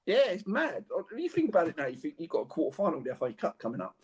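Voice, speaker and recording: A man's voice: on the high side, racing, husky. A man, a former footballer, telling slangy anecdotes on a podcast in a casual chat. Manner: animated anecdotes, laughs through stories, slangy.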